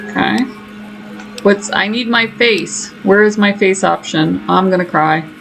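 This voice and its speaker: Brief: woman gamer, casual play-by-play, gravelly edge, soft music underneath. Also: mid-range voice, rough recording. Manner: chatty, self-mocking running commentary. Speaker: gaming streamer. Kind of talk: casual let's-play commentary.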